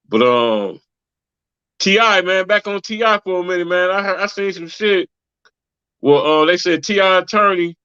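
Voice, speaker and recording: A man runs through the news in loose, profane talk, tagging his lines with "man." His voice is a little high, and the podcast audio is dry and slightly dull. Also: a bit bright, clean tone, no room sound. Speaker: podcast co-host. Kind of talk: casual chat.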